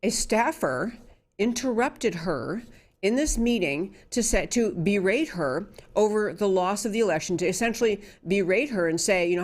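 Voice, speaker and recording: A woman's voice: medium pitch, lively intonation, normal speed. A woman talk show host in middle age delivers political commentary in a mid-range voice. She argues emphatically and often restarts sentences with fillers as she thinks aloud.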